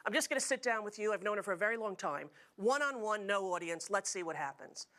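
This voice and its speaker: A woman's voice: mid-range voice, lively intonation, fast talker, a bit bright. A middle-aged woman hosting a talk show, telling jokey stories to a studio audience. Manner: chatty, jokey storytelling with frequent laughs.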